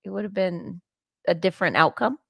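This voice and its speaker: A woman's voice: lowish voice, fairly quick, gravelly, fairly bright tone, no echo, clean studio sound. A woman co-hosting a podcast in casual chat, playful, laughing easily and asking the questions. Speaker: podcast co-host.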